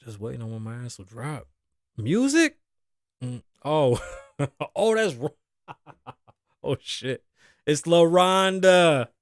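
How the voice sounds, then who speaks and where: A man's voice: fairly high pitch, sing-song, slow pace, pauses often, dry recording, studio quality. A man in his thirties hosting a casual solo podcast, ranting and joking with a lot of profanity and frequent laughter. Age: 30s. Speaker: podcast host. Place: studio.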